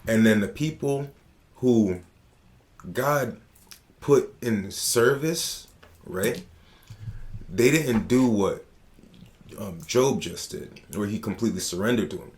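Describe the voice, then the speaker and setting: Slangy man telling stories on a podcast. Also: lowish voice. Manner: slangy, animated storytelling with profanity. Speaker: podcast host. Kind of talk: casual podcast chat.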